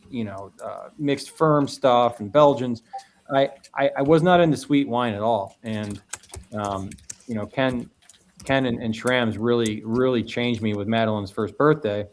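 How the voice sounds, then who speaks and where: A man's voice: medium pitch, slight background noise. Rambling man on a podcast. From Northwest Indiana. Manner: rambling, repeats words and restarts often. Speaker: guest meadery owner. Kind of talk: casual podcast conversation.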